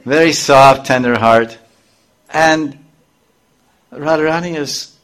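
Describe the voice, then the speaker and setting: A man's voice: medium pitch, unhurried. A middle-aged man giving a scripture class to a live group, explaining verses line by line and briefly acting out the characters' voices. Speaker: spiritual teacher.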